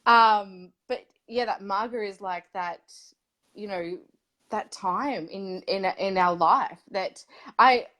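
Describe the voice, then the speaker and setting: A woman hosting a casual interview series, effusive and animated, often laughing mid-sentence. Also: medium pitch, takes it slowly.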